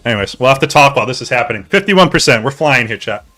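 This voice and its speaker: Bright-voiced man chatting live to stream. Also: medium pitch, fast, soft background music. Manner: excitable, jokey, talks to chat, swears. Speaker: streamer hosting a hockey league draft. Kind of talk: casual live-stream chat.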